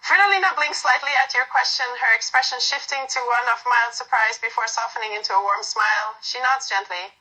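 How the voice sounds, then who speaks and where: A woman reading a second-person romance story aloud in a soft, unpolished way with fillers. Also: on the high side, brisk, few pauses, low-quality recording. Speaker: story narrator.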